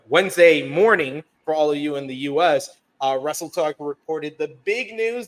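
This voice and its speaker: A man's voice: high voice, fairly bright tone. A man hosting a casual wrestling review podcast, reading viewer chat messages aloud in a chatty way. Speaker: podcast host. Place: based in the UK.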